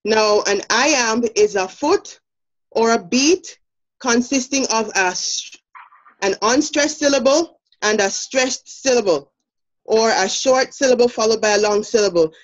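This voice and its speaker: A woman's voice: on the high side, unhurried. Jamaican woman teacher, dull lo-fi recording. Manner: explains step by step, many fillers. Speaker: teacher presenting a lesson. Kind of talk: demo lesson presentation. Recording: dull lo-fi sound.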